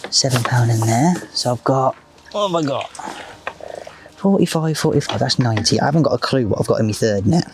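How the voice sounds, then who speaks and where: Fishing outdoors at a lake, a man gives rambling, chatty commentary for his match angling video in an expressive, medium-pitched voice at a brisk pace. The background is noisy, and he often leans on fillers such as "just."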